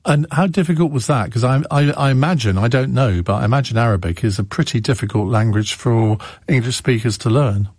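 A man's voice: medium pitch, a little fast, few pauses, a little mellow, breathy edge, dry recording, clean studio sound. A man hosting a radio phone-in, chatting casually with callers and stumbling over his words with frequent restarts and fillers. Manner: hesitant, many restarts and fillers. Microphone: studio microphone.

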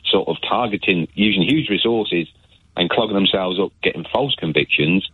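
Deep raspy male caller on phone. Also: moderate pace, no echo. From Coventry. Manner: rambling, blunt. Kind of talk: phone-in call. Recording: tinny dry phone line.

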